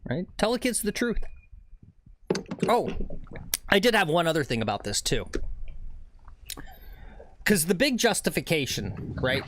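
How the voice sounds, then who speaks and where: A man's voice: a little high, very animated, normal speed, pauses often, a bit bright, a little hiss or hum. A man hosting a golf livestream outdoors, chatting casually to viewers and rambling, often tagging on "right?". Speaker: livestream host on a golf course. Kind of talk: casual live commentary to chat.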